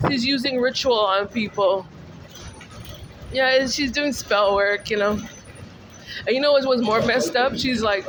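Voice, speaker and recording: A woman's voice: a little high, unhurried, pauses often, a bit bright, slight background noise. Exasperated woman ranting into camera. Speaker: vlogger. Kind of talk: casual venting monologue.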